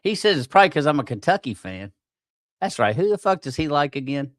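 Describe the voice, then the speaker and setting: A man's voice: on the high side, big pitch swings, quick pace, dry recording, clean studio sound. A man hosting a casual livestream podcast, swearing freely, getting aggravated and laughing at himself. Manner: profane, easily aggravated, self-mocking. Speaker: podcast host.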